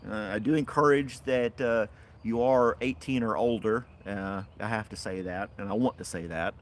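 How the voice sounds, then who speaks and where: Outdoors in his backyard, a man hosts a casual livestream, rambling, chatting with viewers and laughing often. His voice is fairly low pitched at normal speed, and there's a little hiss or hum.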